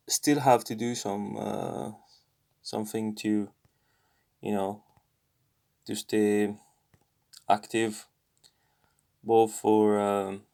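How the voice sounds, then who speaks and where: In a fairly low, gravelly, mellow voice, a man studying a language by himself talks through the lesson, full of fillers and thinking out loud. He repeats the practice phrases slowly, keeping it casual like self-study commentary.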